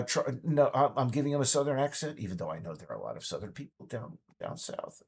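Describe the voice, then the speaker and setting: Husky man ranting with stammers. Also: mid-range voice, very animated, quick pace, few pauses, a little mellow. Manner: stammering, restarts, mocking put-on voices. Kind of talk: ranting political monologue.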